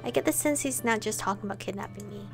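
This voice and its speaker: A woman's voice: mid-range voice, quick pace, soft background music. A woman reading a visual novel aloud, voicing every character and adding her own asides and laughs. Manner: reads dialogue and narration with side comments and laughs. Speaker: game playthrough reader.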